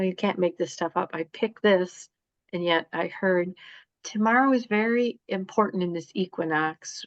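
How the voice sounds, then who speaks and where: Woman astrology reader, halting rambly delivery, lo-fi dry recording. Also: lowish voice, no echo. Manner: rambling, halting with many fillers. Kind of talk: spiritual live-stream talk. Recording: dull dry lo-fi sound.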